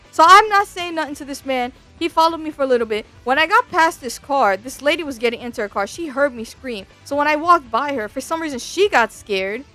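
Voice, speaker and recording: A young woman telling an angry, profane storytime rant and acting out the people in it. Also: high voice. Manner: animated, profane, acts out others in quotes. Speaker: vtuber storyteller.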